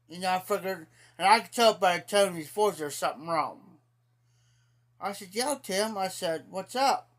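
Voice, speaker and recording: Slow, rambling man from Ohio. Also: high-pitched, a bit bright. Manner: rambling, indignant storytelling with repeated "I said"; drawling, slow-paced delivery. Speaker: livestreamer. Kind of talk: casual storytelling.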